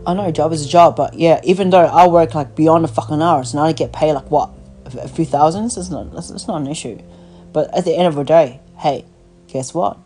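A woman's voice: low-pitched, fairly quick, warm tone, faint music behind, rough recording. Profane ranting woman on a phone. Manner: blunt, profane, full of "you know" and "like". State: voice worn out. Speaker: podcast host. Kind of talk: casual rant over the phone.

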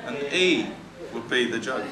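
A man doing live stand-up comedy, reading out jokes in a wry, halting way with lots of fillers and self-corrections. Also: medium pitch, lively intonation, very noisy. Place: comedy venue with a live audience. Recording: echoey venue with loud crowd. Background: audience laughter and cheering.

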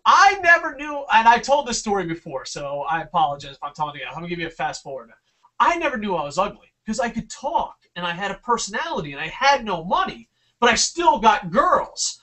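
A young man from New Jersey talks through a loose, swear-filled podcast chat. His pitch swings up and down as he rambles through stories. He sits a little back from the mic. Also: big pitch swings, brisk, pushed and bright, far from the mic. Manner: profane, rambling storyteller. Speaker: podcast co-host.

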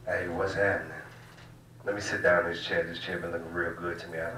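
Brief: male comic, bright loose delivery, roomy distant live-room sound. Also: sits low, level tone, fast talker. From Southern United States. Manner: loose, profane, drawling storytelling. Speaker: stand-up comedian. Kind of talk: stand-up set. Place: small cafe room used as comedy venue. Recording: roomy room, distant mic, faint hiss.

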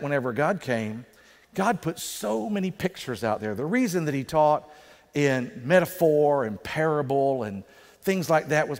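A male pastor preaching a sermon in a conversational way, slowing down for emphasis. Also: fairly high pitch. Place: church sanctuary. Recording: reverberant church sanctuary.

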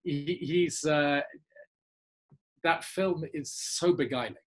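An English man, an actor, telling lively anecdotes in a casual interview and laughing often. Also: on the high side, slow pace. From England. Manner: animated storyteller, laughs often. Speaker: actor guest.

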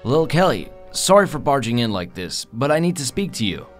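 A man's voice: medium pitch, very animated, a little fast, faint music behind, close to an everyday voice. A man voicing an obsessive, demanding young stalker ex-boyfriend in a Minecraft roleplay. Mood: awkward pleading. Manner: pushy and demanding, turns threatening.

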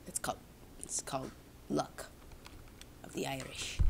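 This young woman's bass voice has huge pitch swings, vocal fry, a slightly fast pace, and long pauses, with slight background noise. Gaming indoors at home, she rambles through casual commentary, mocking herself and addressing viewers.

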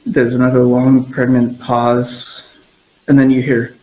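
A man's voice: mid-range voice, little pitch movement, unhurried, a little mellow. Man running a tabletop game, echoey room. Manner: loose, descriptive storytelling. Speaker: game master.

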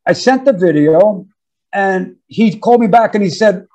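A man in his fifties from New York, an interview guest telling animated, slangy stories about his career with frequent laughs. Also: high voice, moderate pace, poor audio. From New York, USA. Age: 50s. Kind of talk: casual storytelling interview.

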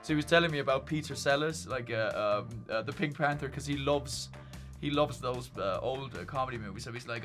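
A man with an Irish-tinged accent chatting excitedly while livestreaming a game, breaking into loud cheers and chants. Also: medium pitch, moderate pace, faint music behind. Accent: Irish-tinged English. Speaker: streamer. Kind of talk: gaming livestream chat.

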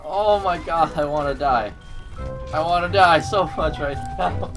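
A man hosting his gaming video, commentating live gameplay with a teammate, loud and swearing, often shouting in frustration. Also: fairly high pitch, measured pace, over music.

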